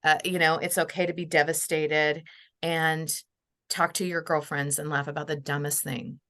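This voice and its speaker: A woman's voice: sits low, level tone, moderate pace, a bit bright. A middle-aged woman speaking as a podcast guest, reflective and heartfelt, now and then acting out the voices of the people she quotes. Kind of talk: reflective interview conversation.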